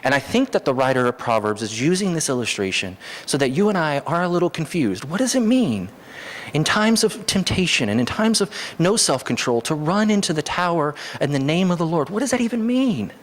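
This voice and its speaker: A man preaching a sermon as pastor, animated, his voice jumping high for emphasis. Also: a little fast. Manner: animated, rises sharply in pitch for emphasis. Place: church hall. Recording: long hall reverb.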